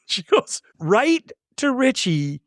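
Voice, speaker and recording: Expressive man with a lively, swooping voice. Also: very high-pitched, slow pace, no room sound, studio quality. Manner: expressive, recaps scenes with swooping emphasis. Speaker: podcast co-host. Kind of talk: casual movie chat.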